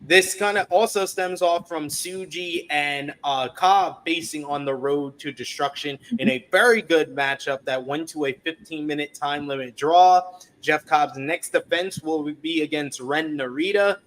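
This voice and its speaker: Man, higher-pitched voice, casual live-stream chat, chatty co-host. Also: measured pace. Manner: reads out chat comments, chatty and animated. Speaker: podcast co-host previewing wrestling card.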